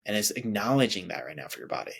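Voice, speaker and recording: A man's voice: lowish voice, big pitch swings, racing, gravelly, fairly bright tone, husky. A man hosting his own show, leading a casual, chatty guided body scan meditation with sighs and small laughs. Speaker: podcast host.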